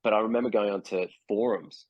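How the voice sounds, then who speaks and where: Australian man in his 40s as interview guest, low voice, halting and full of ums, dry video-call audio. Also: steady tone, no echo, lo-fi sound. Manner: hesitant, many fillers and restarts. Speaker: guest actor.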